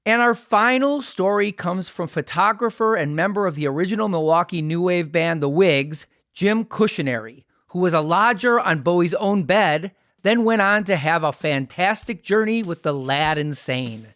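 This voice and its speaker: A man's voice: high voice, lively intonation, normal speed, fairly bright tone, no room sound, clean studio sound. A man hosting a podcast, reading a playful scripted introduction full of puns. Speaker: podcast host. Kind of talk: scripted narration.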